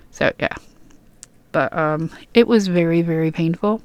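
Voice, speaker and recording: A woman's voice: lowish voice, normal speed, clear, resonant tone, no echo. A young woman reading game patch notes aloud and rambling between them in casual, chatty commentary full of fillers and restarts. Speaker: gaming YouTuber.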